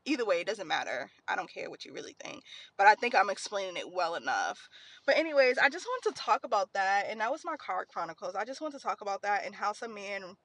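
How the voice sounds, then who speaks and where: A woman's voice: mid-range voice, very animated, quick pace, a bit bright, no room sound. A young woman hosting a podcast, telling a heartfelt personal story in a rambling, casual way while tearful, recorded in a car. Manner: rambling, heartfelt, frequent fillers. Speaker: podcast host.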